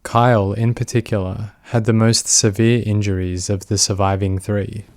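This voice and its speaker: Gravelly man narrating a case. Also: on the low side, moderate pace, no echo, clean studio sound. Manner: even, matter-of-fact. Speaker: channel narrator. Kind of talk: scripted narration.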